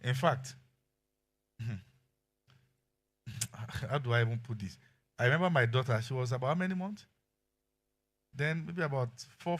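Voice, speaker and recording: A middle-aged man with a Nigerian accent preaching a sermon as pastor, telling animated stories and acting out quotes. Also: medium pitch. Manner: animated storytelling with acted quotes and laughter.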